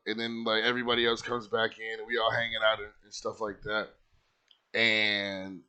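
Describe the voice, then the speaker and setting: A man's voice: mid-range voice, bright, forceful tone. A man casually telling a personal story in a rambling, conversational way, full of "like" and "you know", earnest and heartfelt. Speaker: channel host telling his own story.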